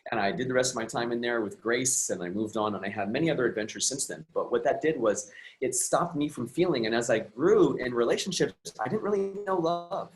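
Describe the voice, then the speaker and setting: Speaking a little fast in a medium pitch, a man serving as a guest emotional and relationship coach tells a personal story. He's earnest and reflective, repeatedly restarting sentences, and the audio quality is poor.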